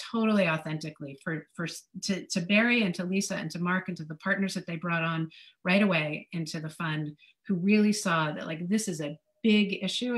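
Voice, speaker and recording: A woman speaking as a panelist in a panel discussion, thoughtful and loose, with many fillers and restarts. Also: fairly low pitch. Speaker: fund director, panelist.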